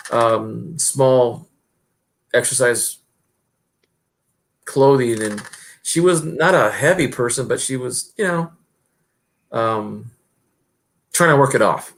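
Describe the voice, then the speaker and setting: A middle-aged man hosting a stream, chatting casually and rambling with lots of fillers and restarts. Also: medium pitch. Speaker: stream host. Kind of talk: casual chat.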